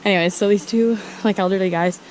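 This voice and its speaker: A woman's voice: mid-range voice, steady tone, fast, a little mellow, a little hiss or hum, rough recording. A young woman chatting casually while hiking, giggly and self-deprecating, filmed on a handheld camera outdoors by flowing water. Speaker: vlogger.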